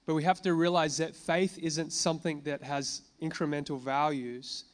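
A man preaching to a congregation, reading scripture slowly and then explaining it in a relaxed conversational way, with fillers and questions to the room. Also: on the high side. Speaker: pastor. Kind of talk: sermon. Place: church gathering addressing a congregation.

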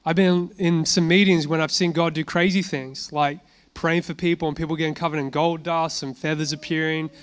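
Smooth-voiced man preaching. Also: a little high, flat delivery, brisk, few pauses. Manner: conversational, rhetorical questions and answers. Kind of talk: informal sermon with personal testimony.

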